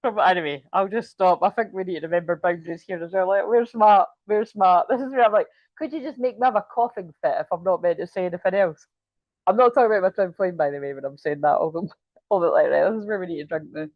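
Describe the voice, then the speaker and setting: Speaking at a quick pace, a tired-sounding middle-aged tarot reader with a fairly low voice chats casually through a reading, giggling, cursing and wandering off topic. The recording is dry, dull and lo-fi.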